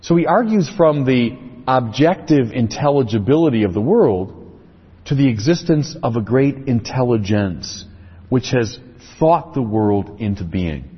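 A man's voice: medium pitch, expressive, measured pace, slightly rough. A man giving a lecture-style religious talk, explaining his points through lists and rhetorical questions. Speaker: speaker on religion. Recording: echoey, dull lo-fi recording.

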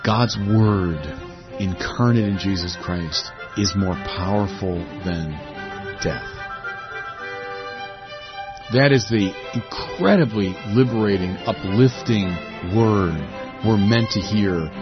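A man's voice: lowish voice, takes it slowly, highs cut off, music in the background. A man giving a sermon, reflective and rising to emphatic peaks. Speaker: preacher.

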